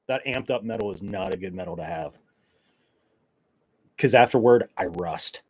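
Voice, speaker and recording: A man with a lowish voice chatting alone on his podcast, rambling from one joke to the next. He sounds wired and loose, with lots of ums and restarts. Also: fairly quick, darkish tone, poor audio. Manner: rambling, joking, caffeine-wired, many fillers. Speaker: podcast host. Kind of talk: casual solo chat.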